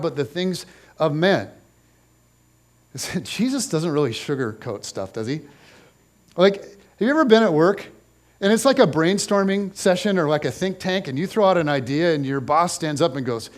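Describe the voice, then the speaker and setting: A man preaching with a fairly high voice and plenty of animation. He tells the story like a storyteller, slipping into quick voices for the people in it. His pitch climbs as he gets caught up in the telling. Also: expressive. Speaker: pastor. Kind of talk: sermon.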